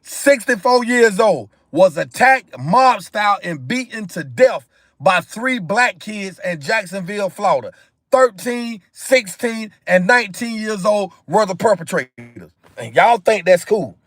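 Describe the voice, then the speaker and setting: Emphatic high-voiced man on a livestream. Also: animated, a little slow, fairly bright tone, no room sound. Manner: emphatic, repetitive, addresses viewers directly. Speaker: live stream host. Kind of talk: impassioned commentary monologue.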